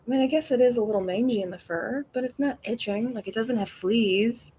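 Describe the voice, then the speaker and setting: A woman's voice: fairly high pitch, moderate pace, a little mellow, slight background noise. A woman hosting a casual livestream outdoors, chatting in a rambling way and laughing often. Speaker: livestream host.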